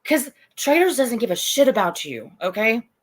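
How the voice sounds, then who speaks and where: A woman's voice: on the high side, sing-song, normal speed, slightly rough. A woman on a livestream panel, taunting and scornful toward an opponent. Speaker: streamer on a panel. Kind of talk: heated livestream argument.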